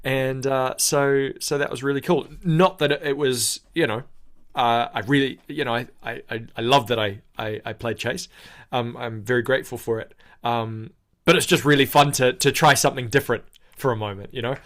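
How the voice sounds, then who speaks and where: A man's voice: medium pitch, fairly even intonation, normal speed, a bit bright. A man with a New Zealand accent, a guest actor chatting casually on a video call, rambling politely and correcting himself as he goes. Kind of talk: casual interview chat.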